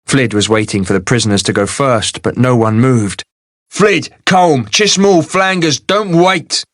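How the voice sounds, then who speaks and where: A brisk, decisive leader barking orders to a crowd, voiced by a male narrator. He pushes his voice up to command, yet it stays close and dry. He belongs to a spoken fantasy novel. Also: fairly low pitch, no echo, natural voice. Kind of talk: audiobook character voice.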